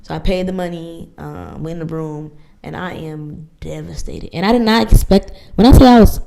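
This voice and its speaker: A woman's voice: on the low side, fairly quick, vocal fry, mellow, low-quality recording. A woman in her late twenties hosting a podcast, telling a personal story in candid casual chat, blunt and swearing freely. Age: late 20s. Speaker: podcast host.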